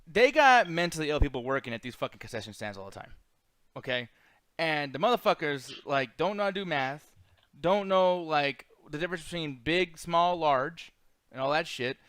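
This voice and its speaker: A man's voice: a little high, lively intonation, moderate pace, fairly bright tone, clean tone, dry recording. A young man hosting a chat show, telling a rambling, profane story in a blunt, casual way. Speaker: podcast host.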